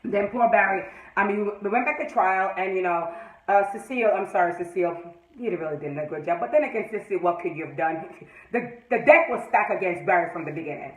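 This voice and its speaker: A woman giving an excited, profane fan review of a TV episode, acting out the scenes and laughing often. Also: mid-range voice, quick pace. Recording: echoey room.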